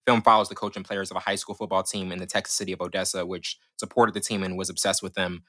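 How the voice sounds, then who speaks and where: A young man co-hosting a casual film-review podcast, talking quickly with lots of fillers and restarts. His voice is bright and forceful, and the dry, close sound leaves almost no room around him. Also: deep voice, little pitch movement, dry recording. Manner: fast, eager, many restarts and fillers. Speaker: podcast co-host.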